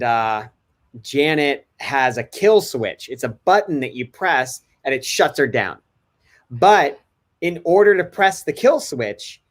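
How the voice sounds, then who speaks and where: A man hosting a casual podcast chat, telling a family story with lively acted-out bits. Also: fairly high pitch. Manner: animated storytelling, quick bursts.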